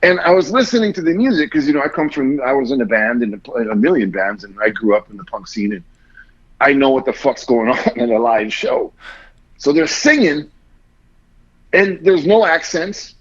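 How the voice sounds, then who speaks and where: A man's voice: mid-range voice, animated, normal speed, muffled recording. Swearing man telling a rambling story. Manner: rambling, heavy swearing, acts out quotes. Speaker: podcast guest. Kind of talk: casual storytelling.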